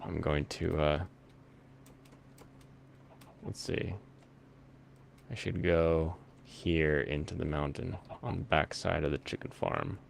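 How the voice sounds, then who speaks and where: A man's voice: rumbling low, flat delivery, slow pace, vocal fry, long pauses, slight background noise. A man hosting a casual chat while playing a video game, rambling and easily amused, thinking aloud as he plays. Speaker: host.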